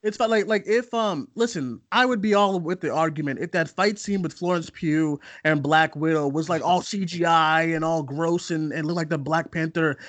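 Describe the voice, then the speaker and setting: A man's voice: a little high, normal speed, few pauses, fairly bright tone, no echo. A man co-hosting a casual film podcast, talking animatedly and acting out quotes in a raised voice. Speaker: podcast co-host, film editor.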